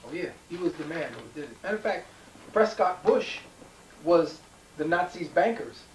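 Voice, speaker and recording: A man's voice: on the high side, lively intonation, normal speed. Emphatic male lecturer in an echoey room. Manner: emphatic and digressive, with frequent restarts and fillers. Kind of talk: lecture to a live audience. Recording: echoey room, distant mic, faint hiss.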